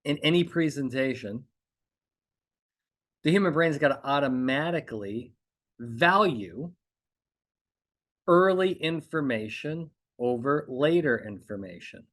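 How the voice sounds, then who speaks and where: A man's voice: mid-range voice, expressive, measured pace, pauses often, a bit bright. A man hosting a podcast, coaching lawyers on courtroom speaking in an emphatic monologue. He repeats his points and keeps checking in with "okay?". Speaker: trial consultant podcast host.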